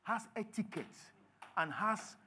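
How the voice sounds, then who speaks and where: Animated Nigerian pastor preaching. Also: male voice, high-pitched, takes it slowly, breathy edge. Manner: animated, acts out little scenes in others' voices. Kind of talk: sermon. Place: church.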